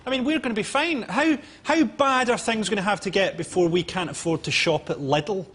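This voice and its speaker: Wry comic, high voice. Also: male voice, fairly bright tone, slight background noise. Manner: wry, quick-fire jokes. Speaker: panelist. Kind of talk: topical stand-up banter.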